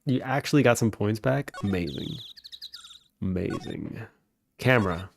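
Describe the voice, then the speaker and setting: Gravelly-voiced male game streamer. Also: fairly low pitch, lively intonation, a little slow, faint music behind. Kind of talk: casual game commentary.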